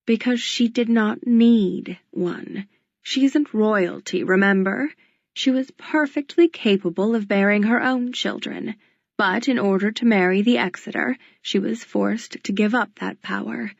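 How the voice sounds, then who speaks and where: An imperious duchess, as a woman reader puts her on, clipped and condescending, her words landing with cold command. The voice has a gravelly edge. The audiobook recording sounds dull and dry. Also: medium pitch, dry recording. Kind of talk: audiobook character voice.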